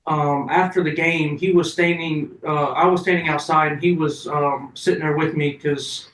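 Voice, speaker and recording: A man's voice: fairly high pitch, steady tone, moderate pace, fairly bright tone, echoey room, recorded from a distance, poor audio. A man telling casual, profane stories as an interview guest.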